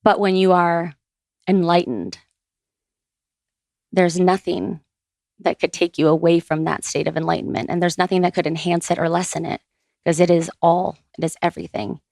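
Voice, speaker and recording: Podcast guest: woman, 30s, lowish gravelly voice, dry close sound, easygoing storyteller. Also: no room sound. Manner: relaxed, many "um" pauses, lively retelling. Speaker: guest, author. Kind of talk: conversational storytelling.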